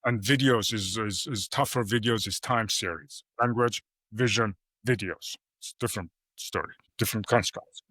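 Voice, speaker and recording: Bright-voiced middle-aged man, animated talker. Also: on the low side, moderate pace, no room sound. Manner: animated storyteller, acts out quoted dialogue. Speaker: guest AI professor. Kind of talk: casual interview talk.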